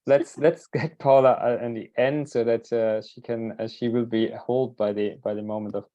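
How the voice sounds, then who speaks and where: A man leads an online panel over a video call, thanking speakers and handing over the floor. His voice is dark and mellow at an ordinary middle pitch. He hesitates often and restarts sentences as he goes. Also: fairly even intonation, lo-fi sound. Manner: halting, many fillers and restarts. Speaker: moderator.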